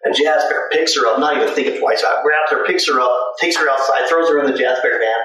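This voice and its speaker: A man's voice: mid-range voice, quick pace, sharp tone. A middle-aged man casually telling long anecdotes about mascot work, with many "and, uh" fillers between thoughts. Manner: rambling anecdotes with frequent "and, uh" fillers. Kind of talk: casual spoken storytelling. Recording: very echoey room, mic at a distance.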